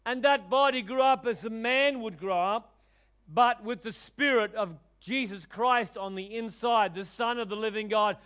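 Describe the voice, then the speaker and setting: High-voiced preacher delivering an animated sermon. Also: male voice, measured pace, clear, resonant tone. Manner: animated, acts out quoted voices, swings between loud declaring and soft asides.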